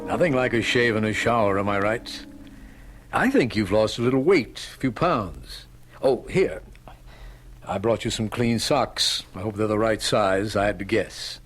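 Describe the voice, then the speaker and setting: A breezy, chatty guard. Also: male voice, fairly low pitch, animated, measured pace, fairly bright tone. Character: offhand male guard tending a prisoner. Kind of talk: 1970s radio drama acting.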